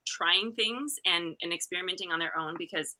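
Bright-voiced chatty middle-aged woman. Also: lowish voice, normal speed. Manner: chatty, animated retelling with laughs and restarts. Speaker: guest. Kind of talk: casual storytelling chat.

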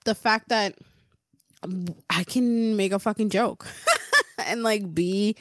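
A woman's voice: medium pitch, takes it slowly, no echo, clean studio sound. A woman from Puerto Rico co-hosting a podcast, chatting casually, laughing often, swearing freely and acting out quoted texts. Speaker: podcast co-host. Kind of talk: casual chat.

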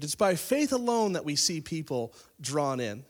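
A male pastor retells a Bible story in his sermon, keeping it casual and conversational while swinging between loud, emphatic lines and quiet ones. His voice is fairly high and very animated, at a normal speed.

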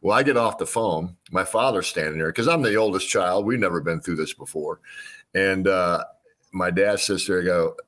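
Appearing as an interview guest, a man in his sixties from Illinois who once played quarterback spins folksy tales at an unhurried pace, frequently starting over. His voice is low, with a fairly bright tone.

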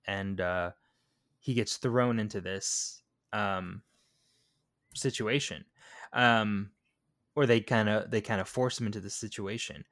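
A man's voice: on the low side, steady tone, slow, pauses often, a bit bright, dry recording, studio quality. A man co-hosting a podcast, chatting casually about a film with stumbling restarts and eager retelling. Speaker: podcast co-host. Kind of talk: casual movie recap chat.

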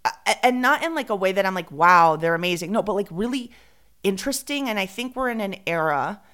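Woman co-host, rambling casual chatter with Spanish fillers, smooth clear voice. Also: medium pitch, expressive, a little fast, fairly bright tone. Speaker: podcast co-host. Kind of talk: casual chat.

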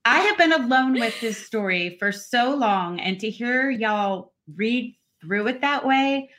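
A woman's voice: fairly high pitch, animated, a little slow, a bit bright. A woman, an author talking through her book thoughtfully on a podcast. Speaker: author and co-host. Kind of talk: casual podcast chat.

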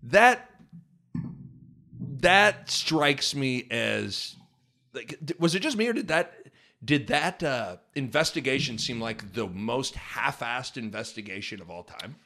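Animated man chatting on a podcast. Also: mid-range voice, takes it slowly. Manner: animated, rambling, emphatic. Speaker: podcast co-host. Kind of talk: casual chat.

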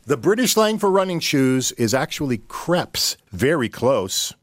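Lively playful male game-show host. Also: medium pitch, measured pace, no room sound. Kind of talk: radio game show hosting.

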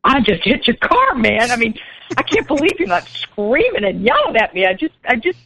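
A woman's voice: lowish voice, fairly quick, fairly bright tone, natural voice, poor audio. A woman voicing a distraught, apologetic male carpenter who has lost his job, pleading and stammering. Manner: pleading, stammering, repeating himself.

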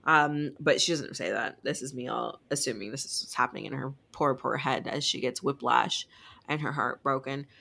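A young woman co-hosting a podcast, chatty and animated as she recaps a book, swearing freely. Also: rumbling low, moderate pace, vocal fry. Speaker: podcast co-host. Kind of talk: casual book discussion.

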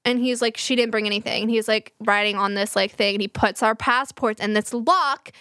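A young woman with a fairly high voice, chatting casually as a co-host. She tells a story quickly, with "like" in every other breath, laughing and swearing. The sound is close and dry. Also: steady tone, pushed and bright, no echo. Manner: fast, filler-heavy, laughing, profane storyteller. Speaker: podcast co-host.

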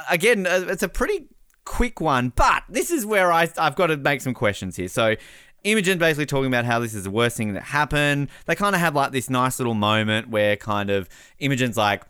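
A man hosting a casual podcast recap, animated, laughing often and mimicking the people he talks about. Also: medium pitch, clear, resonant tone, no echo, studio quality. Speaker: podcast host.

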